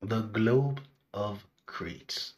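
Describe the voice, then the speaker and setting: A man with a low voice reads a history lecture at a very slow pace. He draws out each phrase with deliberate pauses, like a scripted narration. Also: expressive, faint music behind. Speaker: history presenter.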